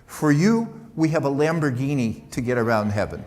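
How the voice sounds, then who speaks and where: A man voicing a kindly Saint Peter in a joke, speaking in a calm, matter-of-fact way. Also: medium pitch, normal speed, lightly acted. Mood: genial. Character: kindly male Saint Peter at heaven's gates.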